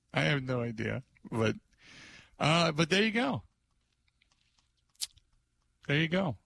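A male sports radio host with a lively, swooping voice that stays bright and forceful. He talks in an excitable, casual way, looping back to the same stock phrases again and again. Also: a little high, slow pace, gravelly, pauses often. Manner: animated, excitable, repeats catchphrases.

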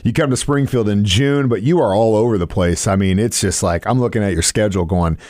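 A man's voice: lowish voice, fairly quick, a little mellow. Man, radio host, friendly, rambling, studio microphone. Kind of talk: morning radio interview.

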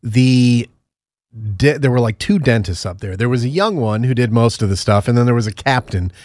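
A man's voice: medium pitch, animated, moderate pace, a little mellow, no room sound, clean studio sound. Casual joking man on a podcast. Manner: rambling, joking anecdotes. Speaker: podcast co-host. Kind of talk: casual chat.

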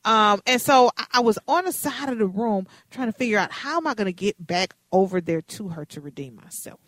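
A woman in her fifties, a radio host, telling a story in a lively, dramatic, playful way. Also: medium pitch, fairly quick, no room sound. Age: 50s.

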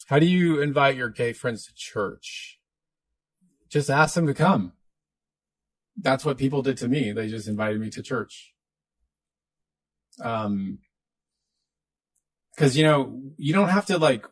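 A man hosts a live question-and-answer stream, talking in a relaxed, conversational way. His pitch sits in a middling range, and he trails off and restarts often as he works through an answer. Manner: loose, easygoing talk with fillers and restarts. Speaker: host answering viewer questions. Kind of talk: casual live Q&A.

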